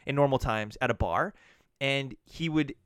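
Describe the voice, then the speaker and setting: A man, a bartender and podcast co-host, telling a profane, animated story with frequent restarts. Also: medium pitch, moderate pace, smooth, no echo, studio quality. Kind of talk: casual chat.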